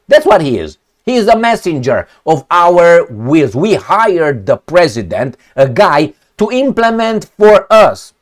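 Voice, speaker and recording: A political commentator rants over news clips, blunt, profane and dripping with sarcasm. His voice sits a little high for a man, with a sing-song, unhurried delivery that swings widely in pitch.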